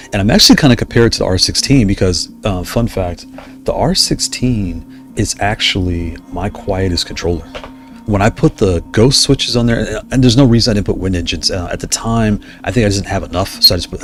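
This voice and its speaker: A man hosting a livestream, chatting casually and enthusiastically, often drifting off on digressions. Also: on the low side. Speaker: livestream host.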